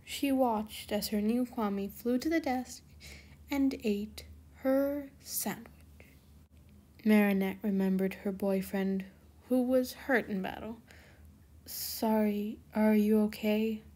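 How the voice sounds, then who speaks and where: A woman's voice: medium pitch, slow pace, darkish tone. A young woman reading her own fan fiction aloud, scattered and self-deprecating in her chatty intro. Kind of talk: casual narration of a fan story.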